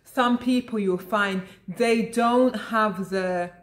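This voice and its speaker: A woman vlogger who lives abroad in Italy chats casually to camera, calling her viewers "guys" and often restarting sentences. She speaks slowly at a medium pitch.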